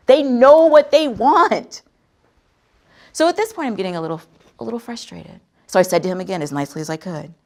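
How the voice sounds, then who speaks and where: A woman host telling a personal story in a conversational, emphatic way. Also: fairly high pitch. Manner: animated, conversational, emphatic retelling. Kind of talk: storytelling talk on sales.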